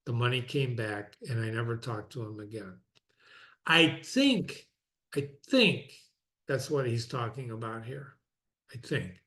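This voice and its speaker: A man's voice: medium pitch, expressive, fairly bright tone. A man reading classic philosophy aloud and commenting on it, reflective and conversational, often repeating phrases for emphasis. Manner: reads quoted passages slowly and deliberately. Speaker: reader and teacher of classic philosophy.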